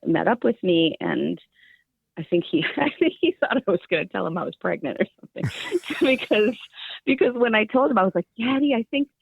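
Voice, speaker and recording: A middle-aged woman telling stories in a casual interview, chatty and quick to laugh. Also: medium pitch, creaky, slightly rough, no echo. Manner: chatty, laughs often, animated storyteller. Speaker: guest. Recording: tinny phone-like line.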